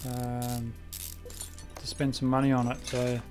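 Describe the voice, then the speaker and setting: A man's voice: mid-range voice, monotone, unhurried, darkish tone, faint music behind. Chatty Australian man streaming a game. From South Australia. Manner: rambling, chatty, loses his train of thought. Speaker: live streamer. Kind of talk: casual gameplay commentary.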